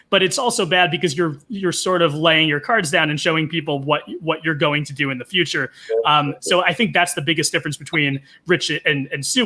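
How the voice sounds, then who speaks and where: Bright-voiced man explaining his view. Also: fairly high pitch. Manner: explains points methodically with small restarts. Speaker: guest, reality TV commentator. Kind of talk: casual analysis.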